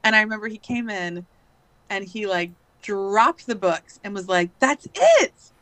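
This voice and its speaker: A woman's voice: mid-range voice, steady tone, normal speed, sharp tone, dry recording. A woman in her thirties, a podcast guest, telling a long story in a chatty way full of fillers. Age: 30s. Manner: chatty, many fillers and likes. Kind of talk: casual storytelling.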